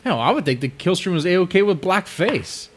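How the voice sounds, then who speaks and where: A man's voice: sits high, big pitch swings, moderate pace, slightly rough. A man hosting a live stream, chatting casually and wryly while reacting to a clip.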